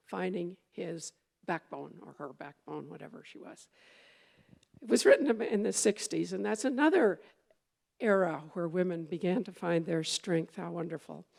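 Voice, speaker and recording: Lady minister chatting thru a sermon, kinda rambling, warm dark voice w some fry. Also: mid-range voice. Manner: conversational and meandering, with fillers and restarts.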